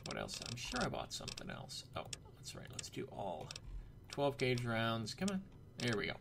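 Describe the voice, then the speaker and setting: Chatty gravelly-voiced man narrating gameplay. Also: mid-range voice, sing-song, moderate pace, noisy background. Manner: chatty, joking asides. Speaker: gameplay commentator. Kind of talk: casual let's-play commentary.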